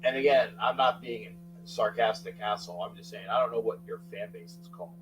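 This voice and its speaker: Speaking quickly at a medium pitch with lively intonation, an older man hosts a rambling live sports talk stream. He greets viewers by name and restarts a lot, and a distant mic adds faint mains hum.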